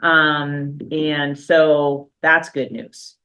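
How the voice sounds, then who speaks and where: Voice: medium pitch, flat delivery, drawn-out words, sharp tone. A school superintendent giving an informal, unscripted report at a board meeting, talking loosely with fillers and restarts and the odd dry joke. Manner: dry, self-aware humor.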